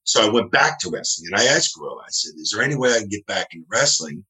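Low-voiced man telling rambling stories. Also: very fast, rough recording. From New Jersey, US. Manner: rambling, animated, acts out quoted dialogue. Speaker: guest. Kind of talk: casual storytelling interview.

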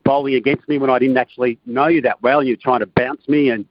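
A man's voice: medium pitch, steady tone, fast talker, dull audio, background noise. An Australian man calling in to a podcast, ribbing a friend with a cheeky story. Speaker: caller. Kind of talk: casual phone call.

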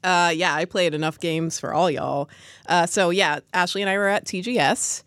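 A woman co-hosting a casual podcast, chatty and animated. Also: lowish voice, normal speed, dry recording, clean studio sound. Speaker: podcast co-host. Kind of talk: casual chat.

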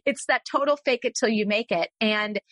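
A woman's voice: on the high side, moderate pace, a bit bright, no room sound. Candid woman sharing her founding story. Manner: candid, self-deprecating. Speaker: business founder. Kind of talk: casual storytelling.

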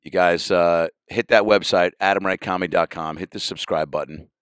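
Low-voiced comedian riffing, loose and profane. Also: male voice, steady tone, a little fast, smooth, no echo, studio quality. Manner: loose and profane, with sudden yelled bits. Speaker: comedian and podcast host.

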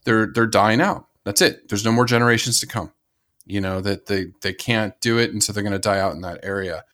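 A man's voice: fairly low pitch, steady tone, fairly quick, fairly bright tone. An American man co-hosting a casual conservation podcast, talking enthusiastically and rambling with frequent restarts. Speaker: podcast co-host.

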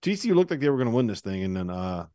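A man hosting a casual sports talk show, with a brisk and wry way of talking. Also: medium pitch, big pitch swings, warm tone, no room sound, studio quality. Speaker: podcast host. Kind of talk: casual sports chat and read ad.

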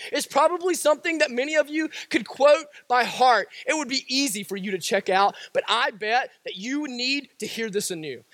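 A man preaching a sermon in a very high voice that swings widely up and down. He repeats each point for weight and builds to shouted lines. The sound is dry and close, with no room around it. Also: no echo. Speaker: pastor.

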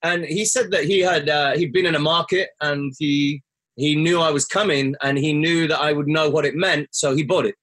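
A man with a somewhat high, breathy and husky voice tells a personal story as a guest. He speaks earnestly and reflectively. When he quotes what he said or thought, his voice leaps sharply upward. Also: steady tone, normal speed, a bit bright. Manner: earnest, rises sharply when quoting himself.

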